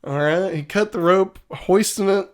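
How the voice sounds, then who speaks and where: A man recapping an episode in a rambling, animated comic style. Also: sits high, normal speed.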